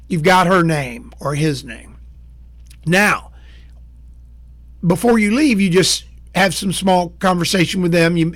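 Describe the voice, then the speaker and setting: A man teaching sales in a plain-spoken, folksy way, walking through steps and acting out short exchanges. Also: sits high. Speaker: sales trainer. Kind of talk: instructional talk to camera.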